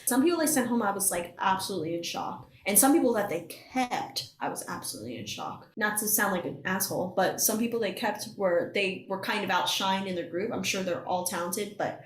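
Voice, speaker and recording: A young woman, a singing contestant, chatting casually as a podcast guest and acting out what people said, with plenty of laughs. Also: medium pitch. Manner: animated storytelling, acts out quotes, laughs often. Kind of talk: casual chat. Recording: roomy echo.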